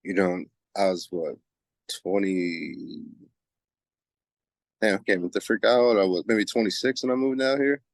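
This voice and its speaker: A guest on a podcast, a softball player in his forties from New Jersey, chats casually in an interview, laid-back and reflective, often saying "you know what I mean." His voice is low, at normal speed with long pauses and no echo.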